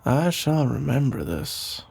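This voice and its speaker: A man voicing a caring boyfriend who rambles playfully in a soft sleepy voice, in a whispered role-play. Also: medium pitch, sing-song, slow pace, vocal fry, breathy edge, full character voice. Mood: teasing. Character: caring, rambling boyfriend putting partner to bed. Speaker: ASMR role-play creator.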